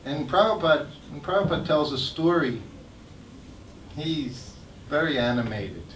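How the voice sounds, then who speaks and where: An older man, telling stories about his memories in an animated way and laughing as he goes. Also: a little high, normal speed, a little hiss or hum. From United States. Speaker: guest speaker sharing memories. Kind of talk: anecdotal storytelling talk. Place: temple hall. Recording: echoey hall, mic at a distance.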